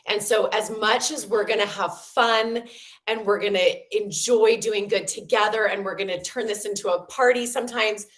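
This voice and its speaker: A woman's voice: medium pitch, a bit bright. A woman hosting a volunteer meeting, making an impassioned, emphatic appeal. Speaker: meeting host.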